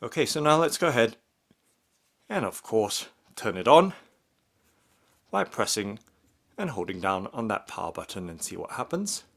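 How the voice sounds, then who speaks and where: A man narrating an unboxing and demonstration step by step, in a slow and methodical way. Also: fairly low pitch, sing-song, gravelly, fairly bright tone. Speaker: product reviewer.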